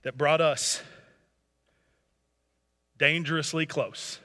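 Male pastor preaching, high bright voice, fervent and forceful, long hall reverb. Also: fairly even intonation, takes it slowly. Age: middle-aged. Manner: preaches with rising fervor, shouting exhortations. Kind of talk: sermon.

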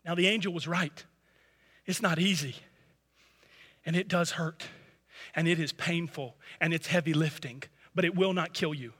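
A man's voice: a little high, moderate pace, long pauses, fairly bright tone, in a large hall. A man preaching a sermon and telling a story in an earnest, impassioned way. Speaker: pastor.

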